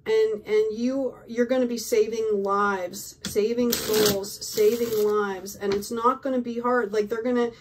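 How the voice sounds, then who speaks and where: A woman's voice: fairly high pitch, steady tone, measured pace, few pauses, recorded from a distance, background noise. Effusive woman reading tarot cards. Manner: effusive, full of "like", "right?" and "okay?". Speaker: tarot reader. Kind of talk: casual tarot reading to camera.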